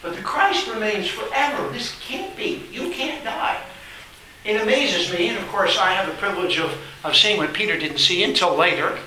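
Recorded from a distance in a very echoey church hall, a man with a high, pushed, bright voice preaches emphatically, repeating phrases and reading scripture aloud. He's off-mic, with slight background noise.

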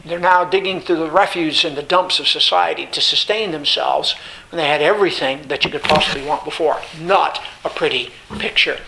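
A male Bible teacher gives a study lecture in a fairly high voice. His tone is bright and forceful. He repeats phrases for emphasis and stops often on filler sounds, with faint noise behind him. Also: a little fast, vocal fry, low-quality recording.

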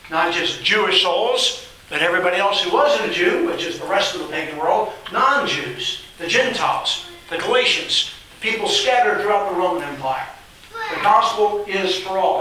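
A man's voice: sits high, pushed and bright, recorded from a distance, slight background noise. A man preaching a sermon, emphatic and repetitive, reading scripture aloud in a church hall. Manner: emphatic, repeats phrases, reads scripture aloud. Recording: very echoey room, voice off-mic.

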